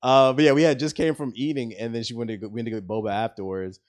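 A man's voice: medium pitch, steady tone, fast, dry recording, studio quality. A young man co-hosting a podcast, talking in laid-back, slangy banter. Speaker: podcast co-host. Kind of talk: casual chat.

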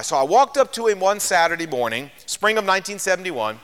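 An older male preacher tells his own story in a sermon with a high, bright voice that swoops through a wide range. He acts out the lines of each person in the story. A long hall reverb hangs behind his words. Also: a little fast, few pauses, clear, resonant tone. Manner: animated storyteller, acts out dialogue. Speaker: radio preacher.

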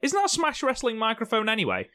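A man's voice: very high-pitched, wildly swooping pitch, fast, pushed and bright. A man co-hosting a casual watchalong podcast, joking, swearing freely and laughing often. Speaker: podcast co-host.

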